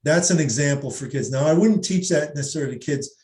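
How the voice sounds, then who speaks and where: A middle-aged man, a psychologist, explaining reading and language in an animated way and sounding out examples. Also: a little high, fast talker. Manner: animated explainer, demonstrates pronunciations aloud. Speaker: psychologist guest. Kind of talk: explanatory discussion. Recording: roomy echo.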